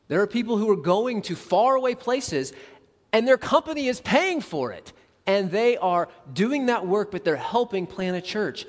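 A man preaching a sermon as a pastor, conversational and animated, acting out quick asides. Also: sits high, big-room sound.

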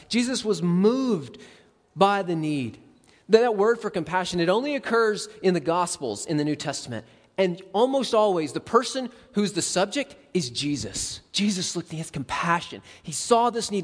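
Man, pastor, conversational sermon, higher-pitched, long hall reverb. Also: moderate pace. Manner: conversational, animated preaching with acted-out asides.

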